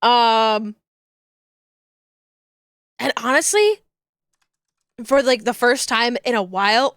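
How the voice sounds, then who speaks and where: High-voiced giggly woman streamer. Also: takes it slowly, long pauses, a bit bright, no room sound, clean studio sound. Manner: rambling, giggly, searches for words. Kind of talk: casual chat with viewers.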